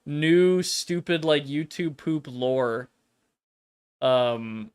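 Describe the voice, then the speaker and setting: A man's voice: fairly high pitch, extremely slow, darkish tone, clear, resonant tone. A man streaming from home, chatting casually in a rambling, profane way. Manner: rambling, swears a lot, mock-dramatic reading. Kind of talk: casual chat.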